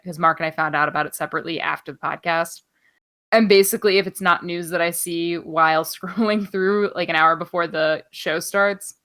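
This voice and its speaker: A woman with a bright, forceful, slightly low voice runs through the news as a podcast co-host. She rambles offhand, drops swear words without a second thought and fills her pauses with plenty of ums. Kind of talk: casual wrestling news chat.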